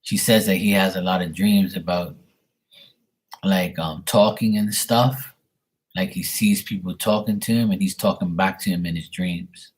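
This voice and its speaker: Through a webcam at his desk, a young man gives a live tarot reading on camera in a low voice with fairly even intonation and normal speed. He rambles as he passes along the messages, using lots of fillers.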